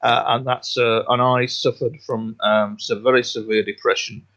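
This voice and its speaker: A man of middle pitch, talking earnestly as a guest on a radio show. He rambles and doubles back over his words. The recording is dull and lo-fi. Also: level tone, normal speed, fairly bright tone. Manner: rambling, repeats himself, earnest. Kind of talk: radio interview. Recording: dull lo-fi sound.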